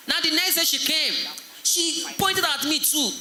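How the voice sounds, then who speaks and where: A man from Nigeria tells comic school stories to a live crowd, pulling them into call-and-response. His voice sits high, with a piercing brightness. The sound comes from an echoey school hall, with a faint hum of noise behind. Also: a little fast. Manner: animated, audience call-and-response. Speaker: comedian and event compere. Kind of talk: stand-up comedy storytelling.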